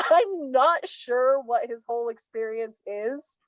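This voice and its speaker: A young woman from Savannah, a guest in a casual conversation, animated as she tells stories and acts out what others said. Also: high-pitched, slow pace, no room sound, poor audio. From Savannah, Georgia, US. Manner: animated storyteller, acts out quoted speech.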